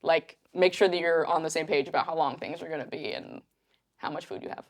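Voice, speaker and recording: Young woman guest, lively storyteller, slightly low voice, acts out quotes. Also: fairly quick. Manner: animated, acts out quotes, many fillers. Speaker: podcast guest. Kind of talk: casual storytelling.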